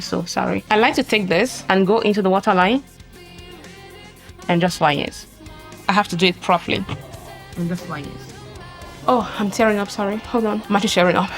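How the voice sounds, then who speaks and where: A woman talking casually through a makeup tutorial as she works, chatty and often apologizing along the way. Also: fairly low pitch. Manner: chatty, apologetic, talks while working. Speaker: beauty vlogger. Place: home, filming herself at a mirror.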